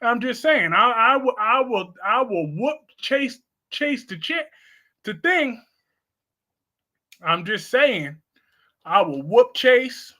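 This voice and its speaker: A man's voice: very high voice, slow, long pauses. A man hosting a live stream, chatting casually and sassily while answering his chat. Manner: sassy, expressive, answering chat.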